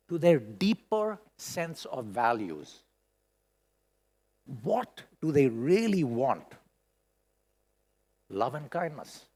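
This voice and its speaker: A middle-aged man giving a conference keynote speech in a large hall, expressive and emotional, with many rhetorical questions. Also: sits high. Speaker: keynote speaker. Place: large hall at a school event.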